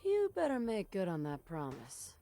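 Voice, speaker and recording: A woman's voice: mid-range voice, huge pitch swings, normal speed, mellow, no room sound. A woman voicing a wary female wanderer who gives dry, guarded replies in video game dialogue.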